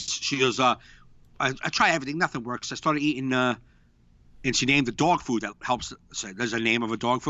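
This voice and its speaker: A young man co-hosts a casual podcast and tells stories with animated energy, slipping into other people's voices as he quotes them. His voice is bright and forceful, with a mid pitch. The recording is dry and a little muffled. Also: dry recording. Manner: animated storyteller, acts out quotes. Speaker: podcast co-host. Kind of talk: casual chat, storytelling.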